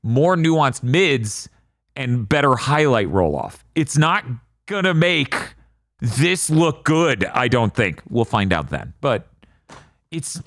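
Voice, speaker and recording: A man's voice: medium pitch, takes it slowly, dry recording, clean studio sound. A man co-hosting a podcast, reviewing a movie in casual, exasperated rants. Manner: animated, exasperated ranting with swearing. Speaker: podcast co-host.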